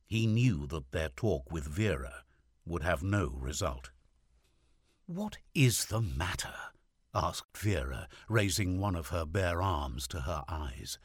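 Deep slow guy reading a story aloud, lots of rise and fall, super dry mic. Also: slightly rough, no room sound. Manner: measured, expressive reading. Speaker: audiobook narrator. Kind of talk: scripted narration.

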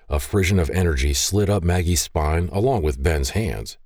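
A man narrating a romance novel in an expressive storytelling manner. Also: low-pitched, moderate pace, hardly any pauses, no echo, clean studio sound. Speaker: audiobook narrator. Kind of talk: scripted narration.

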